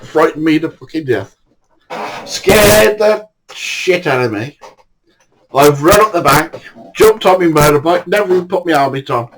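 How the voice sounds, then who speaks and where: A man's voice: on the high side, normal speed, fairly bright tone, rough recording. An older man, casually telling anecdotes in a blunt way, swearing freely. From England. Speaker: storyteller.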